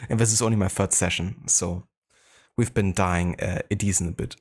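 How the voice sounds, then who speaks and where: A German-accented man hosting a live game stream, his voice sitting very low and deep. He talks in a relaxed, easygoing way, greeting viewers and thinking aloud with plenty of small fillers. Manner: laid-back, chatty, greets viewers, frequent fillers. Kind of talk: casual live-stream chat.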